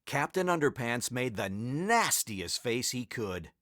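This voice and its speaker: Slow expressive man reading a storybook. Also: medium pitch, no room sound, clean studio sound. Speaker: narrator. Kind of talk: storybook read-aloud narration.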